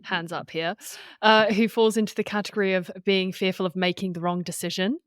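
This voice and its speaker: A woman's voice: mid-range voice, steady tone, fairly quick, smooth, no echo, studio quality. A woman hosting a podcast interview, enthusiastic and reflective as she talks with her guest. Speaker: podcast host.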